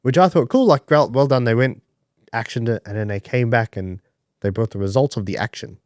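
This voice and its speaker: A man with a fairly low voice co-hosts a podcast in loose, casual chat. He talks in an animated way, swears freely and acts out the people he quotes. The sound is close and dry, with no room around it. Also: a little fast, dry recording. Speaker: podcast co-host.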